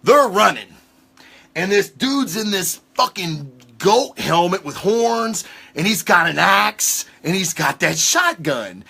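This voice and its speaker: A man hosting a casual livestream comic book review, talking in an excitable, rambling way with lots of swearing. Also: high-pitched, takes it slowly, gravelly, slightly rough. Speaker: comic book show host.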